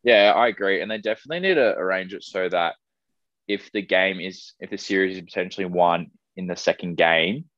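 A young man with an Australian accent co-hosting a casual podcast, chatty and relaxed. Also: low-pitched, a little fast, dry recording. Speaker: podcast co-host. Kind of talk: casual chat. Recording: dry, dull lo-fi sound.

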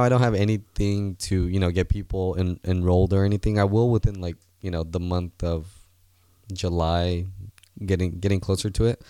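A man's voice: low voice, dark tone, smooth, no echo. Earnest, rambling young man, dry sound. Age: 20s. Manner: earnest, rambling, with many fillers and restarts. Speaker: guest, seminar organizer. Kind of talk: casual interview talk.

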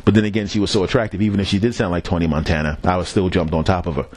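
A man's voice: sits low, fairly even intonation, very fast, hardly any pauses, a little mellow. A man hosting a podcast, telling a rambling, profane story in a casual solo monologue and chuckling at his own jokes. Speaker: podcast host.

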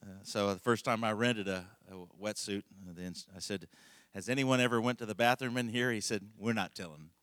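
A man's voice: lowish voice, brisk, hardly any pauses, fairly bright tone, no echo, clean studio sound. A middle-aged male pastor telling a rambling, folksy story in a conversational sermon, laughing often.

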